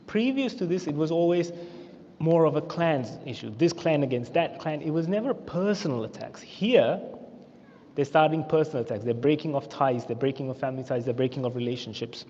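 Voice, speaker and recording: An Australian man teaching a religious history class in a mosque, telling the story with animated, acted-out quotes. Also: on the high side, fairly quick, slight background noise. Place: mosque hall. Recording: echoey hall, muffled lo-fi sound.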